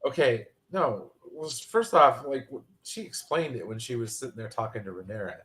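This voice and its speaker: A man's voice: mid-range voice, expressive, moderate pace, a bit bright. A man co-hosting a casual chat over a video call, laid-back and peppering his talk with "dude" and "man". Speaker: co-host.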